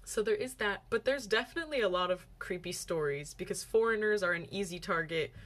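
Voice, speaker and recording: A young woman vlogger casually telling a story to camera, animated and chatty, acting out what her friends said. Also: mid-range voice, brisk.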